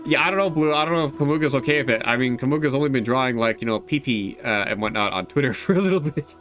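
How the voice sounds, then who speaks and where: A man's voice: mid-range voice, rapid-fire, a bit bright. Chatty male streamer over music. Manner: rambling, laughing, reacts to chat. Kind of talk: casual game stream chat.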